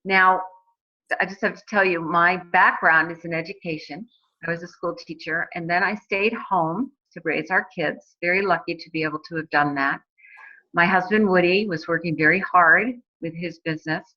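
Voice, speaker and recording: Woman, 40s, casual testimonial, chatty with restarts; lowish bright voice, muffled lo-fi sound. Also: fairly even intonation, moderate pace. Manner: chatty, many fillers and restarts. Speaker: guest telling her story. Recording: dull lo-fi recording.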